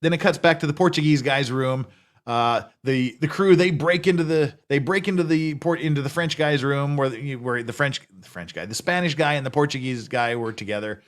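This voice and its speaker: A man's voice: medium pitch, brisk. Man, casual plot recap, rambling, restarts, self-corrections, mid-range voice. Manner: casual, conversational. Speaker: TV series reviewer.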